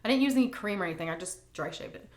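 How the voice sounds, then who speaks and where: A middle-aged woman food vlogger telling a story and answering questions in a chatty, animated way full of fillers. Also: medium pitch, racing. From United States. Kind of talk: casual storytelling and Q&A.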